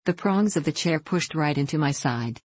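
A woman's voice: low-pitched, lively intonation, moderate pace, darkish tone, breathy edge, no echo. A woman voicing an impulsive, clumsy little girl in a storybook reading.

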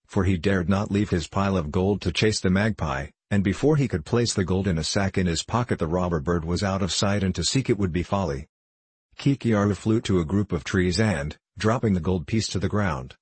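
Deep, husky male storybook narrator. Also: no room sound. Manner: steady, measured reading.

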